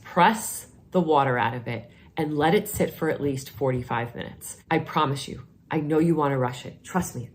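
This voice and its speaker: Woman, New York accent, low voice, enthusiastic beauty vlog chat, middle-aged. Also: a little mellow, slight background noise. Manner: chatty, enthusiastic, gushing. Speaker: vlogger, nurse. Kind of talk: casual product review vlog.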